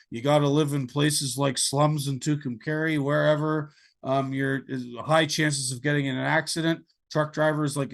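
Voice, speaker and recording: A man's voice: a little high, creaky. A man from Canada hosting a podcast interview, blunt and opinionated as he talks. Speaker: podcast host. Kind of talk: conversational interview.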